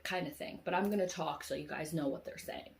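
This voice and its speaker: Animated slangy woman vlogger. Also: low-pitched, fairly quick, gravelly, slight background noise. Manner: animated, slangy, acts out voices. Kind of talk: casual dream storytelling.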